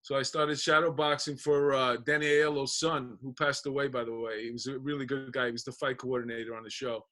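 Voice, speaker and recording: A man's voice: mid-range voice, a little fast, few pauses. A man, a comedian guest on a podcast, telling stories in casual chat and acting out the dialogue with plenty of swearing. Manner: animated storyteller acting out dialogue, profane.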